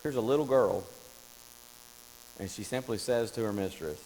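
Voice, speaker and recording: A man preaching a Bible study in a church, telling the story with lively acted-out voices. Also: on the low side, normal speed. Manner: animated storytelling, acts out voices of Bible figures. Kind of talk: Bible class teaching. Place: church classroom. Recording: long hall reverb with faint mains hum.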